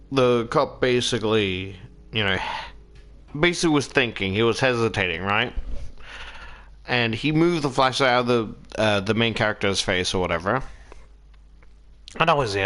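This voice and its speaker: A man casually recapping a horror book in a halting, rambling way, swearing now and then. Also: medium pitch, a bit bright. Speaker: reader summarizing a horror book.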